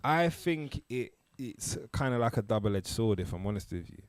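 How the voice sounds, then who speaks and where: A man's voice: medium pitch, lively intonation, normal speed, a little hiss or hum. A young man, hosting a podcast in casual, joking chat full of slang. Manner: laughing banter, London slang. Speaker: podcast host.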